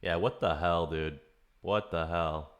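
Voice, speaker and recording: Deep-voiced man reviewing music demos. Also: a little slow, muffled recording. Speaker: streamer giving demo feedback. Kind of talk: casual livestream chat.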